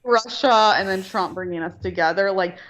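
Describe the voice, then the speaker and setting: A woman's voice: medium pitch, normal speed, fairly bright tone. A woman telling a rambling, profane story in casual chat. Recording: dull lo-fi line.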